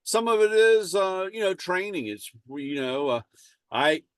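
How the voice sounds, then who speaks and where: A man's voice: high voice, sing-song, a little slow, clear, resonant tone, no echo. A man, a tool dealer guest, chatting casually in an easygoing, agreeable way. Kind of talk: casual chat.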